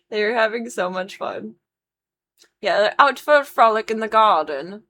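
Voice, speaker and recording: Bright, chatty young woman streamer. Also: mid-range voice, lively intonation, a little slow, a little hiss or hum. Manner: rambling, chatty, giggly, filler-heavy. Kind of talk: casual chat while drawing on stream.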